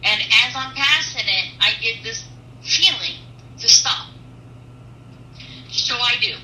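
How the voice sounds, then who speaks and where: A woman truck driver telling a personal faith testimony in an earnest, animated storytelling manner, with pauses. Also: a little high, echoey room, distant mic, a little hiss or hum, low-quality recording.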